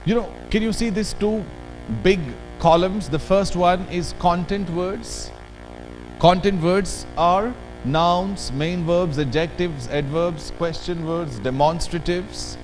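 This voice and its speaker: An Indian man giving an animated workshop lecture, drilling words aloud with the audience. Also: high voice, slow, faint music behind, poor audio. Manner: animated, drills words aloud, code-switches into Hindi asides. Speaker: workshop trainer. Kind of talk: lively classroom workshop lecture.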